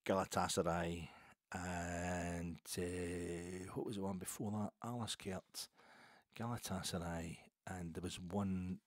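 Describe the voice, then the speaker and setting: A man's voice: sits low, little pitch movement, takes it slowly, no room sound, studio quality. A man in his fifties with a Scottish accent, hosting a solo football podcast in a rambling, wry way that keeps correcting itself. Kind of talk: casual solo podcast chat.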